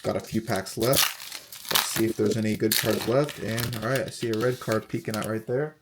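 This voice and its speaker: A young man casually talking through a card unboxing, reading off player names in a steady, relaxed list. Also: on the low side, moderate pace, heavy background noise. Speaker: card collector unboxing host.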